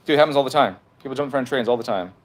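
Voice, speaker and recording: A man's voice: medium pitch, rapid-fire. Profane, argumentative male streamer. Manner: profane, argumentative, talks back to comments. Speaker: livestream host reading chat. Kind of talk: heated casual livestream rant. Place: at home.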